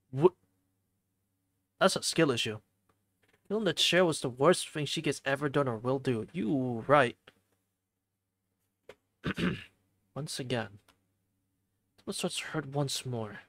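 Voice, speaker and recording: A streamer reading a visual novel aloud from a home streaming setup, with expressive delivery and jokey asides. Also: mid-range voice, dry recording.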